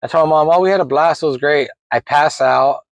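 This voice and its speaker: A man in his forties casually telling a rambling personal story, animated and laughing as he goes. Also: a little high, fast, gravelly, no echo, poor audio.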